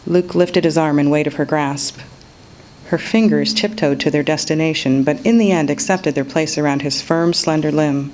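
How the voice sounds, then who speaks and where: A woman reading an excerpt of her own novel aloud in a measured storytelling manner. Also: sits low, a little hiss or hum, rough recording. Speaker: author reading her work.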